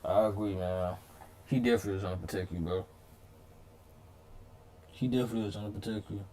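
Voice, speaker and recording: A man's voice: on the low side, fairly even intonation, mellow, slight background noise. A man host making casual reaction comments with slang between story readings. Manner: casual, quick asides with slang.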